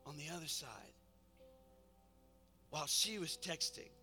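A man preaching a sermon, exhorting with repetition and swinging from hushed, quiet passages to loud emphatic ones. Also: a little high, measured pace. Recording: reverberant hall with faint music.

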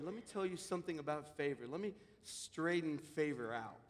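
A man preaching a sermon, exhorting emphatically and swinging from loud declarations to hushed asides. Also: fairly high pitch, expressive, normal speed. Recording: long hall reverb.

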